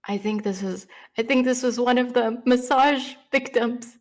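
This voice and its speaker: A woman's voice: on the high side, unhurried. A woman playing in a tabletop game, chatting and joking casually at the table. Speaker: player.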